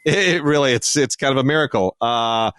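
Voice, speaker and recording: A man's voice: medium pitch, brisk, a bit bright, no room sound, studio quality. A man co-hosting a podcast about film releases, talking in a thoughtful, digressive way with many restarts and fillers. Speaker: podcast co-host reviewing home video releases. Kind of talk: casual podcast discussion.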